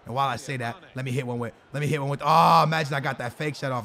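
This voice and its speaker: A young man hosting a gaming video, talking through his match in slangy, rambling commentary and breaking into excited shouts on goals. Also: medium pitch, very fast, few pauses. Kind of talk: live gameplay commentary.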